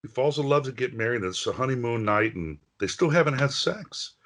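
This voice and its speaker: A man telling a long joke in a podcast chat, animated and stumbling over his words as he goes. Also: medium pitch, brisk. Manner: animated storyteller, restarts and stumbles.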